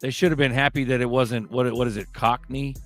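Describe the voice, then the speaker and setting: A man's voice: medium pitch, fairly even intonation, brisk, over music. A man chatting bluntly on a live stream, swearing and calling people bro. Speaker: co-host. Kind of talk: casual chat on a live stream.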